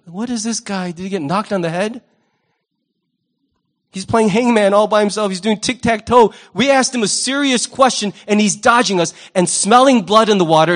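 A male pastor preaching a sermon in an animated, wry way, often jumping into quoted voices. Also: high voice.

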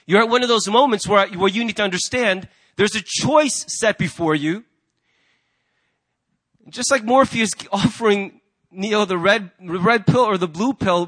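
A male pastor preaching a sermon, telling a story with lively acted-out voices. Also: high-pitched. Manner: animated storyteller, acts out the people in his anecdotes.

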